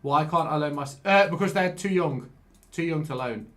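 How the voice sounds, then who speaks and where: A man giving casual live-stream commentary while he plays a game, excitable, swearing and chatting with viewers. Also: fairly high pitch, normal speed.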